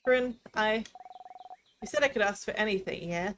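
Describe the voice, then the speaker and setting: A woman voicing an eager young child who wants to learn to fight, talking earnestly in short, excited bursts. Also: mid-range voice, normal speed, a little hiss or hum, natural voice. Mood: pleading.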